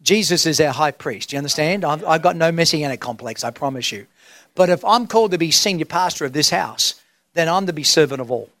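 Aussie pastor guy preaching, high voice, dry close sound, keeps asking the crowd questions. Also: expressive, fairly bright tone, dry recording. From Australia. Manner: emphatic, drawn-out preaching with rhetorical questions. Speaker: senior pastor. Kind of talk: sermon.

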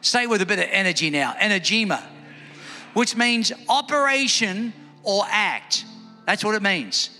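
Man preaching, high bright voice, lively, echoey hall, faint music. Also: normal speed. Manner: lively, calls for congregation responses. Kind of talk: sermon. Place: church hall.

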